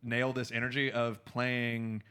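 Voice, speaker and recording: A man's voice: medium pitch, flat delivery, unhurried, sharp tone, clear, resonant tone. A man hosting a comedy podcast, describing a sketch and acting out its characters. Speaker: podcast host. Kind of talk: casual comedy chat.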